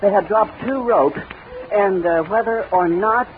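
A high-voiced man reports live from an outdoor airfield, describing the scene in a running flow with restarts and fillers. It sounds like a 1930s radio broadcast, thin and phone-like, with heavy hiss and crackle throughout. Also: unhurried. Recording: tinny, noisy 1930s radio recording.

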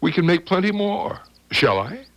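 A calm, ageless angel. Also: male voice, sits high, heavily acted. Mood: serene. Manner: smooth, unhurried, gently amused. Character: ageless male angel, calm and coolly indifferent.

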